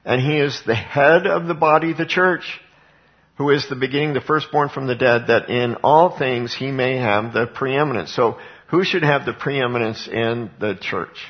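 A man's voice: mid-range voice, normal speed, lo-fi sound. A man teaching from the Bible in an informal, emphatic way, asking rhetorical questions and answering them himself. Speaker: street evangelist and Bible teacher.

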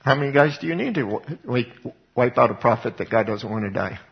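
A man's voice: medium pitch, lively intonation, brisk, creaky, muffled recording. A man preaching a Bible teaching sermon, retelling scripture as conversational storytelling. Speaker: pastor.

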